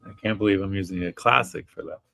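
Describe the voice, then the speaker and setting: A man's voice: deep voice, fairly even intonation, fast talker, gravelly, bright, forceful tone. A man co-hosting a casual painting livestream, making brief, laid-back, dry remarks. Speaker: livestream co-host and artist. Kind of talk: casual chat while painting live.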